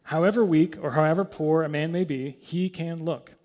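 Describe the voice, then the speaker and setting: A man's voice: a little high, fairly even intonation, moderate pace, a little mellow, natural voice. A man reading the part of a plain-spoken, earnest lay preacher who repeats himself bluntly, in a homely manner.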